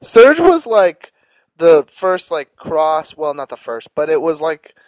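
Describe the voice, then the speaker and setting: A man's voice: a little high, sing-song, slow, a little mellow, dry recording, low-quality recording. A man co-hosting a casual podcast chat, opinionated and profane, laughing often.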